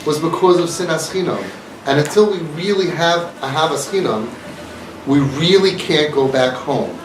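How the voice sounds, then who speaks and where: Earnest guy preaching to a crowd, highish voice, echoey room, mic pretty far away. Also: normal speed, noisy background. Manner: earnest, repetitive, emphatic. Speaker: inspirational speaker. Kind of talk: impassioned talk to an audience.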